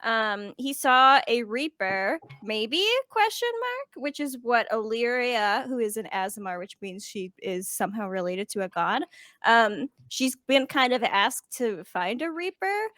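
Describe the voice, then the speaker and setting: Giggly higher-voiced woman running the game. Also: expressive, unhurried, pushed and bright, dry recording, studio quality. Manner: chatty, giggly, many ums. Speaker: dungeon master. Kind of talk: narrating a tabletop game.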